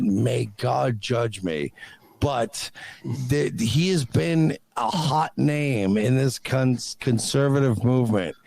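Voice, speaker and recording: Brief: brash male streamer, gravelly fry, dry close mic, crude boastful banter. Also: mid-range voice, darkish tone, dry recording. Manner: crude, boastful storytelling, laughs at own jokes. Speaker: guest on a livestream panel.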